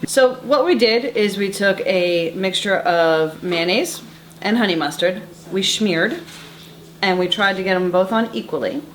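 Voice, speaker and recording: A woman's voice: medium pitch, measured pace, echoey room. A woman co-hosting a casual cooking show, chatty and playful as she explains her part of the dish. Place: home kitchen.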